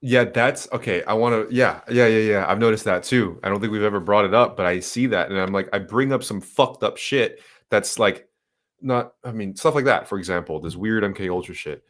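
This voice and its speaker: Low-voiced man in rambling podcast chat. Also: brisk, fairly bright tone. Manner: rambling, swearing, mocking others in sarcastic voices. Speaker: podcast co-host. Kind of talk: casual podcast conversation.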